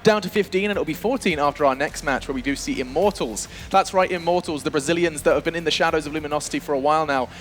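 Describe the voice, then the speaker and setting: A man's voice: fairly high pitch, quick pace, few pauses, soft background music. A man hosting an esports analysis desk, energetically steering questions to his panelists. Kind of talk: fast studio analysis chat.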